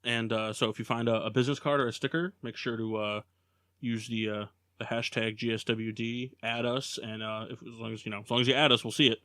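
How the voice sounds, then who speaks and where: A man's voice: mid-range voice, flat delivery, fairly quick, sharp tone, no echo, clean studio sound. A man hosting a casual sports podcast, joking around and rambling with plenty of fillers. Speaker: podcast host. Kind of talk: casual chat.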